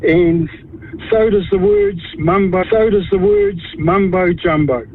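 A high-voiced New Zealand man in his fifties talks earnestly on a radio call-in, stumbling and restarting as he makes his case. The line is thin and phone-like, with faint noise behind. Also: huge pitch swings. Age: 50s. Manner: earnest, halting, repeats words and restarts. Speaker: caller.

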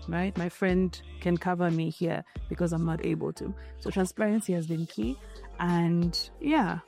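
A woman's voice: fairly low pitch, warm tone. A married woman speaking earnestly in a candid interview, often checking in with "right?" as she makes her points. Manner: earnest, repeats key points, frequent "right?" tags.

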